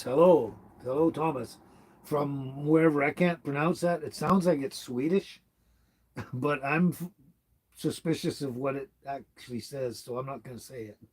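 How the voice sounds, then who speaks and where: Reading viewers' comments aloud, a man in his seventies from Canada rambles along through his laid-back livestream chat. He speaks at a measured pace in a mid-range, slightly mellow voice with a breathy quality.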